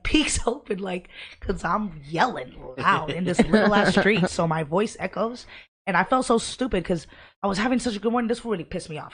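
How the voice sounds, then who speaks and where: A woman with a lowish voice tells a story on a podcast. She swears freely and talks in an animated, heated way. Her delivery is loose and conversational. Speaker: podcast co-host. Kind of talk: casual podcast chat.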